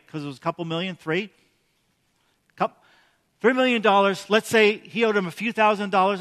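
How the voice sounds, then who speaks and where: A man's voice: high voice, pushed and bright, long reverb tail. A man preaching a sermon in a conversational way, often asking the congregation questions. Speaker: pastor.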